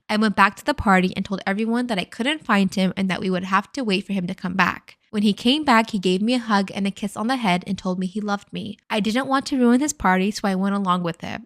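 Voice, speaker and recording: A woman reading an online story aloud in a steady, plain way, as a storytime narrator. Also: medium pitch. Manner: steady, plain reading with brief candid asides.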